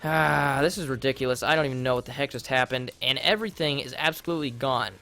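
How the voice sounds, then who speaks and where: A young man casually commenting on his game during a livestream, rambling and easily flustered, and often breaking into loud, panicked yelling. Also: medium pitch, quick pace, faint music behind. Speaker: livestreamer playing a modded block game.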